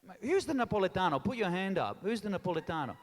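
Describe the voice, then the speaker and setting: High-voiced comic working a hall crowd. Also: male voice, sing-song, fast. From Australia. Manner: teasing, chatty crowd work with Italian phrases. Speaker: stand-up comedian and MC. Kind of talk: live stand-up comedy to a crowd. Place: large town hall stage. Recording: long reverb of a hall.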